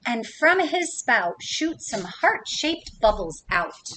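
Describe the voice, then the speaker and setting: A woman's voice: high-pitched, sing-song, takes it slowly, bright, forceful tone, rough recording. Woman reading a picture book to kids. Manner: playful, asks children questions. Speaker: children's story reader.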